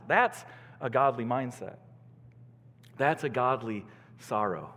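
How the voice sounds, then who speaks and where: A male pastor preaching a sermon in a church, earnestly, swinging between soaring emphasis and hushed lows. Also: animated, slow pace, long pauses, slightly rough, big-room sound.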